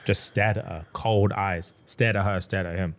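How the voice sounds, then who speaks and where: A man's voice: low voice, moderate pace. A young man, a podcast co-host animatedly retelling a book plot in casual chat and acting out the characters' lines. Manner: animated storyteller, acts out the characters' lines in a raised voice.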